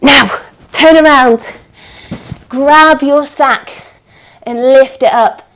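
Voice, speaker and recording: Animated woman leading kids' story yoga. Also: high voice, extremely slow, poor audio. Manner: animated, coaxing instructions with gasps and exclamations. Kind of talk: storytelling yoga class for children.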